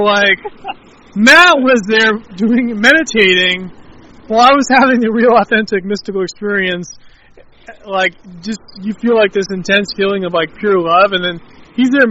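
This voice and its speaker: Brief: high, bright man musing on spiritual experiences, rambling and reflective, dull lo-fi outdoor recording. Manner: rambling and reflective, heavy on filler words. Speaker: interviewee. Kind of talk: casual outdoor chat.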